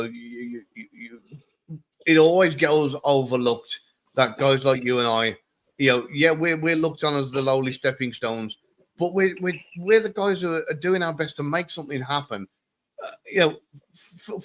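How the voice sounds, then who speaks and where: A man's voice: on the high side, fairly bright tone. Male podcast guest, laid-back, trips over his words a lot. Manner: easygoing, halting with many restarts. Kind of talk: casual chat.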